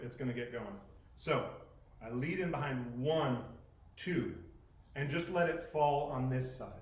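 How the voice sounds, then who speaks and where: Man, poi instructor, mid-pitched, talks while demonstrating, self-correcting, echoey room. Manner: thinks aloud, corrects himself mid-demonstration. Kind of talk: live class teaching. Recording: roomy echoing sound.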